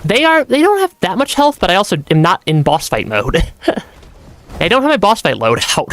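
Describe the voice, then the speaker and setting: A game streamer giving relaxed let's-play commentary, chatty, laughing often and restarting sentences as they go. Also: mid-range voice, normal speed, soft background music. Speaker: gaming streamer.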